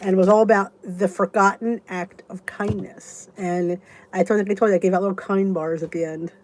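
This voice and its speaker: A woman's voice: medium pitch, fairly even intonation, moderate pace, a little mellow, a little hiss or hum. A woman in her fifties hosting a casual live chat, answering viewers by name and rambling in a chatty way with many restarts. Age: 50s. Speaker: YouTube channel host.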